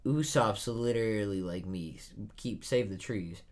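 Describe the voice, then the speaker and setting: A young man casually reading a manga chapter aloud and reacting, excitable and often laughing. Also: deep voice, moderate pace. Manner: excitable, laughs often, jumps into loud bursts.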